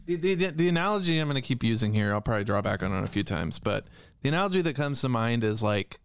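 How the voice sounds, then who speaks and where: Man, casual podcast co-host, rambles a little and fills with "like", smooth clear voice, dry close sound. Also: mid-range voice, sing-song, fast, no echo. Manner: rambling, restarts often, says "like" and "right?". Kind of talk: casual chat.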